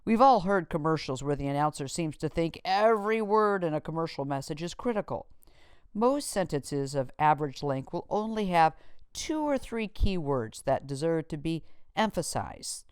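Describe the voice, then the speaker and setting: A woman narrating a scripted lesson on voice technique in a measured, textbook way. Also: low-pitched, lively intonation, clean tone, dry recording, studio quality. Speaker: instructor.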